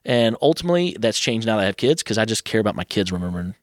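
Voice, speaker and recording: A man in his thirties, a guest telling personal stories in a lively, casual way, acting out what others said. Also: fairly low pitch, no echo. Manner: animated, quotes others in quick asides. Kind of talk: casual storytelling.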